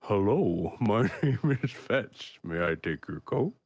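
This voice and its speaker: Hulking polite ogre butler, put on by a man, slow and low. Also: sing-song, a little mellow, slightly rough, dry recording, exaggerated voice. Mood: courteous. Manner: slow, courteous greeting. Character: huge male ogre butler, polite and formal.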